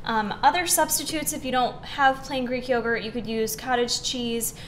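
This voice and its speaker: A woman's voice: fairly high pitch, steady tone, moderate pace, a little hiss or hum. A young woman hosting a casual recipe demonstration, chatty and upbeat, with lots of "um" and "like". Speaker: fitness recipe host.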